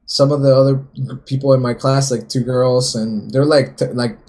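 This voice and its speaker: A man's voice: mid-range voice, steady tone, normal speed, mellow. A young man from Peru telling a story in casual podcast chat, rambling with many filler words and swearing. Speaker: podcast co-host.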